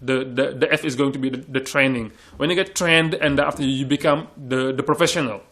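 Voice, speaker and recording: A man's voice: medium pitch, fairly even intonation, fairly quick, fairly bright tone. A man from Senegal, an English teacher talking earnestly in a panel discussion and often repeating words as he searches for phrasing.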